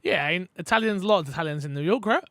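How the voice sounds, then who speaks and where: A man hosting a casual gaming podcast, telling stories in an animated, jokey way. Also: sits high, very fast, no room sound, clean studio sound. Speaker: podcast host.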